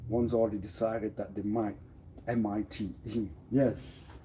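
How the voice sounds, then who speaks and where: A man on a solo live stream, rambling in circles and repeating phrases, with sudden loud outbursts. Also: on the low side, steady tone, takes it slowly. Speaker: livestreamer.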